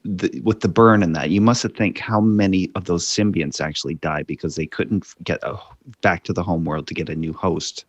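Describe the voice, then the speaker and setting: A man co-hosting a podcast, speaking casually in a halting way with many restarts, on a slightly muffled recording. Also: low voice, fairly even intonation, slightly rough, dry recording. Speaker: podcast co-host. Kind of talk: casual review chat.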